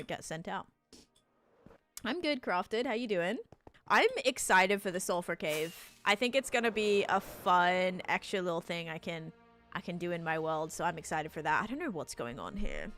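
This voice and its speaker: A woman livestreamer chatting casually with viewers while she plays, talking loosely with lots of "like" and breaking into quick excited thanks. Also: on the low side. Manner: chatty, heavy use of "like", bursts of excited thanks. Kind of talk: casual chat while playing, answering viewers.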